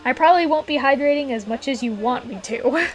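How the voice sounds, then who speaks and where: A woman chatting casually on a live stream while she plays, rambling with lots of fillers and giggles, her throat a little rough. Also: high-pitched, a little fast. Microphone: desk mic in a closed room.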